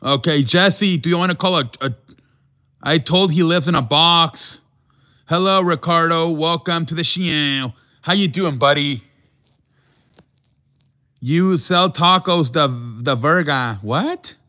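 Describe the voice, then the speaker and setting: A man hosts a loose live chat with callers, joking around and acting mock-offended. He talks slowly. His voice is bright, and he drops Spanish words into his English. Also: on the high side. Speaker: show host.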